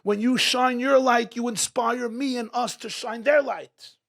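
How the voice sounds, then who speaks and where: A man's voice: very high voice, steady tone, unhurried, creaky, fairly bright tone. A man giving an inspirational talk at a community gathering, rhetorical and repeating his questions for emphasis. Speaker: speaker at a religious gathering. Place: community event hall.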